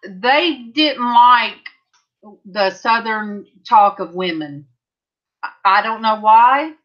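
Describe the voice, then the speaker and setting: Livestreaming from the craft room in her California home, this middle-aged woman rambles casually while replying to viewer comments. She speaks with a fairly high pitch and a fairly bright tone, and the audio has a slightly dull, lo-fi quality.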